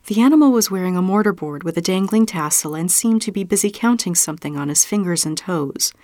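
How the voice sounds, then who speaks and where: A woman's voice: on the low side, expressive, a little fast, no echo, clean studio sound. A woman reading literary fiction aloud with intense, vivid delivery. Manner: intense, drops to a hushed whisper at moments. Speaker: reader.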